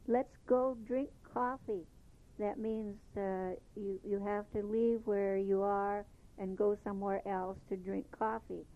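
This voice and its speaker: Woman, language teacher, slow, patient, repeats phrases, tinny lo-fi recording. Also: medium pitch, fairly even intonation. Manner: patient, repeats each phrase slowly then explains it. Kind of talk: slow spoken language lesson.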